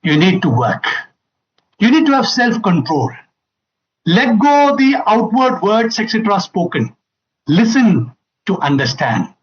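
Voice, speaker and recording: A man addresses an audience in an emphatic talk, his voice high and swinging widely in pitch. He hammers home key phrases and acts out the lines he quotes. The recording sounds dull and muffled. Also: sing-song, a little slow, pauses often. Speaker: family seminar speaker.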